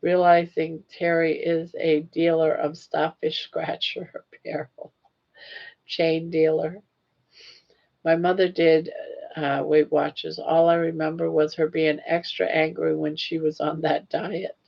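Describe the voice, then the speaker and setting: A woman's voice: low-pitched, little pitch movement, a little slow, gravelly, highs cut off. An older woman hosting a casual livestream, telling stories in a chatty way and laughing often. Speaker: livestream host. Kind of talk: casual chat.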